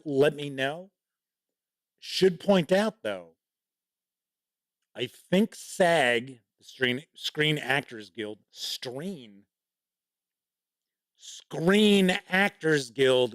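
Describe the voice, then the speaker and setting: A man's voice: a little high, no room sound, studio quality. A man hosting a casual livestream show, rambling with many asides and reading out viewer chat comments. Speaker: show host.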